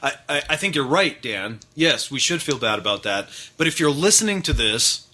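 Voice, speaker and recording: Man co-hosting a podcast, rambling and swearing, very bright tone. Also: mid-range voice, sing-song, normal speed, slightly rough. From Massachusetts. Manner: rambling, profane, many restarts. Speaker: podcast co-host. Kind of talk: casual podcast chat.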